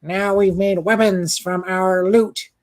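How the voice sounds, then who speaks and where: A man's voice: high voice, fairly even intonation, takes it slowly. A man doing a scheming alien invader. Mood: menacing.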